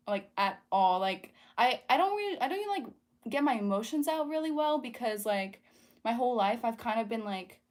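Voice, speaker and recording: A young woman with a slightly high voice talks through a casual livestream. Her speech is chatty and earnest, full of fillers and restarts. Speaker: livestream host. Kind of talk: casual livestream chat while painting.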